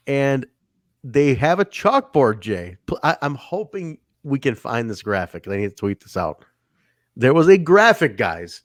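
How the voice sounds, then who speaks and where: Animated man reviewing wrestling casually. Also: on the high side, measured pace, dry recording, clean studio sound. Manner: animated, laughs often, acts out quotes. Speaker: podcast co-host.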